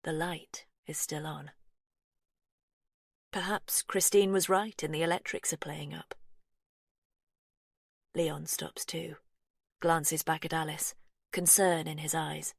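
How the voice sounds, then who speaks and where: A woman reading a story aloud as an audiobook narrator, hushed and measured. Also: low voice, steady tone, vocal fry, slightly rough, no room sound, clean studio sound.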